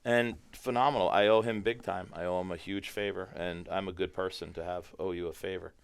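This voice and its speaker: Deep-voiced, smooth-toned man telling stories. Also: brisk. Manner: animated, profane storytelling. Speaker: firearms trainer, podcast guest. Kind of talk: casual podcast chat.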